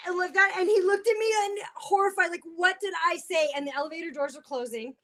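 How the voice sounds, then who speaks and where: A woman's voice: very high-pitched, quick pace. A middle-aged woman, a podcast guest, telling stories casually with lots of fillers. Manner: animated storyteller, many fillers. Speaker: guest, sales specialist. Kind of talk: casual chat, storytelling.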